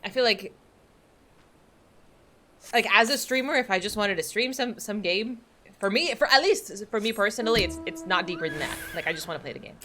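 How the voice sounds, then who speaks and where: A woman's voice: medium pitch, lively intonation, fairly quick, pauses often, fairly bright tone, a little hiss or hum. A woman in her forties chatting casually with her viewers while streaming a game, rambling and gushing with frequent laughter. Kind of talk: casual livestream chat while gaming.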